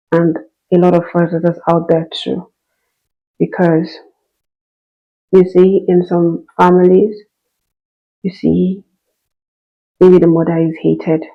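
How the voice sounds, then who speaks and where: A woman's voice: on the low side, dull audio. A woman hosting and speaking with earnest emotion, repeating phrases for emphasis. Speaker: host reading and responding to a listener's story. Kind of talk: heartfelt spoken reflection.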